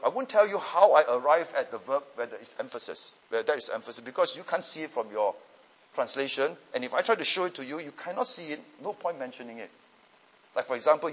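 A man teaching a class on Bible languages and preaching, emphatic and deliberate, often checking in with his listeners. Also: medium pitch, husky, low-quality recording.

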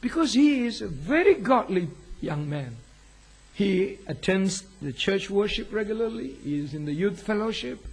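A man's voice: high-pitched, big pitch swings, moderate pace, slightly rough. A man preaching a sermon as a pastor, telling a story earnestly and rising sharply on key words. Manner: earnest, with sudden emphatic rises.

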